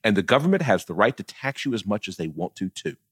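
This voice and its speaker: A man's voice: fairly low pitch, very animated, fast, breathy edge, no room sound, clean studio sound. A middle-aged man talking politics casually, blunt and profane, often laughing as he tells stories. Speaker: political commentator.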